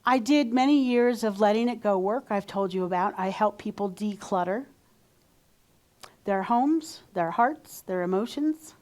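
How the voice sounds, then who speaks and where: A woman's voice: mid-range voice, lively intonation, unhurried, a little mellow. A woman minister giving a sermon in a conversational way, sometimes acting out how people talk to themselves. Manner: conversational, acts out quoted self-talk.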